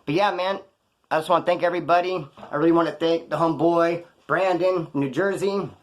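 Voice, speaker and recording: A man's voice: a little high, brisk. A man telling stories from prison in a casual, slangy way, acting out the lines of the people in them. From California. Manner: slangy, animated, acts out other people's lines. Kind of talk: casual storytelling to camera.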